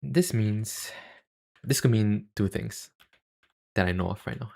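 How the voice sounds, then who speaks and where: A man streaming, chatting casually about language tones in a halting way, with many fillers and self-deprecating asides. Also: lowish voice, gravelly, mellow. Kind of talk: casual livestream chat.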